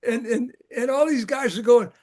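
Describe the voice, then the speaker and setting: Older man with a high voice, casual storyteller, restarts and chuckles. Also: moderate pace, darkish tone. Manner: rambling anecdotes with frequent restarts and laughs. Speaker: guest, former camp rec director.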